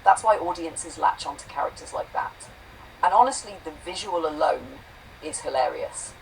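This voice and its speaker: A woman's voice: low voice, vocal fry, far from the mic, a little hiss or hum, poor audio. A synthetic-sounding woman brainstorming comedy ideas in a conversational tone and reading quotation marks aloud. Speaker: AI conversation partner.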